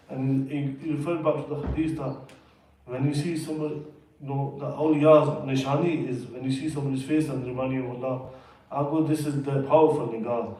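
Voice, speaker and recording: A man's voice: medium pitch, a little mellow. Man telling a story in an echoey hall. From United Kingdom. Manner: retells conversations with frequent "he goes" and "you know". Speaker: speaker at a religious gathering. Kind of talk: informal storytelling talk. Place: gathering hall. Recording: echoey room, distant mic, faint ambience.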